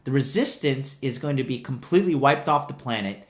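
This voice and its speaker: A man's voice: mid-range voice, lively intonation, fairly quick. A man giving a sarcastic, profane rant of a movie review, retelling scenes with exasperation. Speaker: online commentator.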